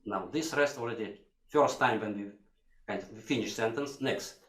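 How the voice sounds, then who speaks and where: A man's voice: mid-range voice, normal speed, a bit bright, faint music behind. An older man with a coaching a violinist in a masterclass, singing phrases to demonstrate, in broken English. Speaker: violin teacher. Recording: echoey hall. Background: violin playing.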